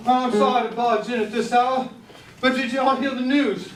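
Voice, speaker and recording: A man's voice: extremely high pitch, steady tone, moderate pace, background noise. A man playing a folksy frontier townsman bringing urgent news on a theater stage. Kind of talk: stage play acting. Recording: roomy stage sound from far off.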